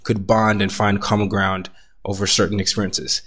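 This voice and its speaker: A young adult man hosting a podcast interview, animated, laughing easily, with frequent fillers. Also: fairly low pitch, a little fast, husky. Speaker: podcast host.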